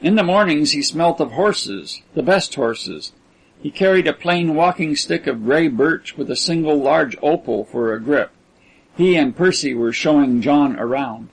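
A man narrating an audiobook in a measured, even storytelling manner. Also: medium pitch, slightly rough, rough recording.

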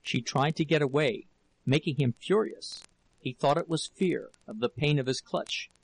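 A man narrating a novel as an audiobook in a measured, dramatic storytelling manner. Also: a little high, vocal fry, breathy edge, no room sound, low-quality recording.

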